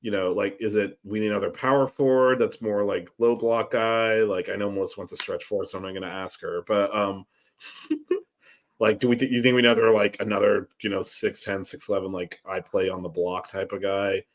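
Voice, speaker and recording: A man's voice: fairly low pitch, steady tone, fairly quick. A man hosting a casual sports chat, rambling with many fillers and restarts. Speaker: sports podcast host.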